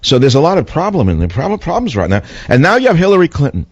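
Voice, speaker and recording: An older man hosting a talk radio show, telling stories and ranting in an animated, opinionated monologue from a studio microphone. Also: fairly high pitch, fast, slightly rough, dry recording, lo-fi sound. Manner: animated storytelling, voices swinging up and down.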